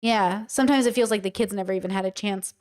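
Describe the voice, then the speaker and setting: A woman's voice: medium pitch, fast, a little mellow. A woman talking to her livestream chat in a blunt, emphatic way, swearing casually as she comments. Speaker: streamer and commentator.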